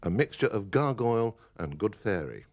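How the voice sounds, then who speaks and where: Man, documentary narrator, scripted, measured, low gravelly voice. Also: very animated.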